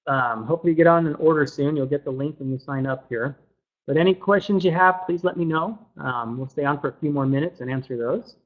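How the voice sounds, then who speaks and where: A man's voice: a little high, fairly quick. Chatty man on a dull webinar mic. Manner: chatty, repeats words, fills with um. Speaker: webinar presenter. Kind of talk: casual webinar talk.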